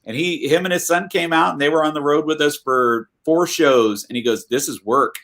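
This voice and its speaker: A man talking as a guest over a video call, his voice sitting a little high. He tells tour stories in an animated, loose way and acts out the people he quotes. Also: fairly quick, a little hiss or hum. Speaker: musician guest. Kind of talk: casual interview chat.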